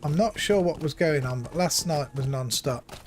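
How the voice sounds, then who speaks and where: A man's voice: on the high side, normal speed. A man in his fifties chatting casually to his stream viewers from home, rambling and retelling conversations with lots of repeats. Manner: rambling, repeats himself, retells dialogue with "I says". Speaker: live streamer.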